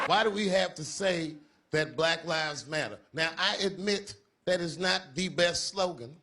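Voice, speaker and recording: Bright high-voiced male stand-up comic. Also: normal speed, slight background noise. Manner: punchy, emphatic delivery with acted-out quotes. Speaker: stand-up comedian. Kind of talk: stand-up set.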